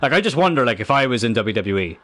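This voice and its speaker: A man's voice: mid-range voice, big pitch swings, fast, fairly bright tone. A young man with a Cork Irish accent, chatting casually while streaming a football game and correcting himself as he goes. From Ireland. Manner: rambling, self-correcting. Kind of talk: casual gaming stream chat.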